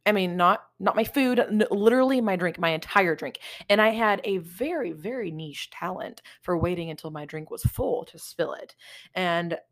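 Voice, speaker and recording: A young woman talks through her solo podcast in loose, candid chat, cursing freely and laughing as she goes. Her voice sits fairly low for a woman. The sound is dry and close, with no room around it. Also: expressive, moderate pace, dry recording. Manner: candid, swears a lot, laughs often. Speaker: podcast host.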